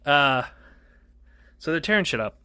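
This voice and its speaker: A middle-aged man spins a wild story in loose podcast banter. He swears freely, talks with a bright, forceful edge, and jumps into high squeaky voices when he quotes people. The sound is close and dry, with no room around it. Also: moderate pace, dry recording. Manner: animated, profane, does squeaky quoted voices. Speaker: podcast co-host. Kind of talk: casual storytelling chat.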